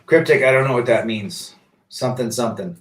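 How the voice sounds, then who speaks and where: A man's voice: mid-range voice, fairly quick, recorded from a distance. A man hosting a casual live stream, reading viewer comments aloud and answering them emphatically, often with rhetorical questions. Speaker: livestream host reading chat. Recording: roomy echo, set back from the mic.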